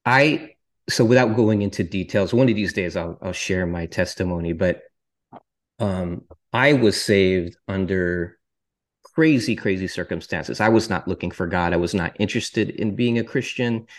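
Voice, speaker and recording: A man's voice: sits low, moderate pace. A male podcast host candidly and earnestly telling his personal faith testimony, with touches of self-deprecating humor.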